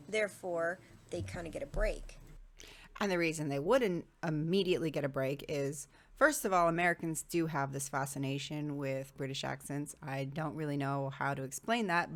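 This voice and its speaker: Low-voiced woman musing through a vlog. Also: a bit bright. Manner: reflective, thinks aloud with frequent ums. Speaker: vlogger. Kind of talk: casual talking-head monologue.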